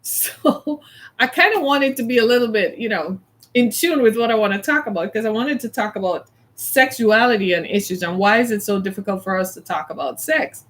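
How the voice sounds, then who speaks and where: A middle-aged woman from the American South, chatting casually as a host, animated and laughing often as she plays out little scenes. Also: a little high, a little fast. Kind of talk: casual chat.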